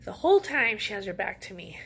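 A woman's voice: mid-range voice, a little fast, gravelly, breathy edge. A woman vlogger telling a story in a casual way, sassy and full of slang. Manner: sassy, slangy, animated retelling.

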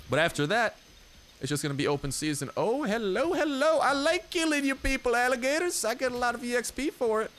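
A young man hosting a let's play, talking casually to viewers and jokingly taunting animals in the game, with slang and quick asides. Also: mid-range voice, a bit bright. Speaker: gaming channel host.

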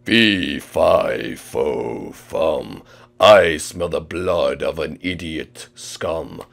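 A man playing a scheming male villain who gloats slowly and theatrically about his trap and his minions. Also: a bass voice, creaky, heavily acted. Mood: gloating. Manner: gloating, slow and theatrical, then frantic yelling.

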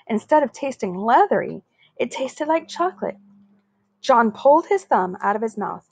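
A woman reading a children's chapter book aloud in a steady, expressive way. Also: a little high, moderate pace, creaky, husky, dry recording. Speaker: story reader.

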